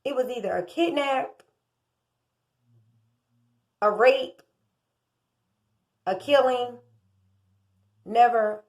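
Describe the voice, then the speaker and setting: A woman in her thirties from the United States speaks in a high, bright voice. She gives indignant, opinionated commentary and pushes her volume up as she makes her case. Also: takes it slowly, long pauses. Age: 30s. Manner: impassioned, indignant, rising in volume. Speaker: true crime commentator.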